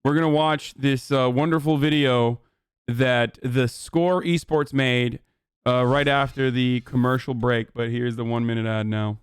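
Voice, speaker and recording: A man hosts his live stream in loose, rambling chat, swearing casually as he jumps between asides. His voice is smooth and clear at a middling pitch. It sits close and dry on a desk microphone in a home streaming room. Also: steady tone, a little slow, no room sound. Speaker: streamer host.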